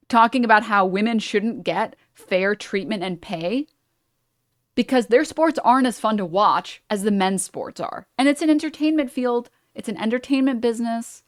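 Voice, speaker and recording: A woman's voice: on the high side, dry recording, clean studio sound. Sarcastic streamer woman reacting. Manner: sarcastic, blunt, swears. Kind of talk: casual reaction commentary.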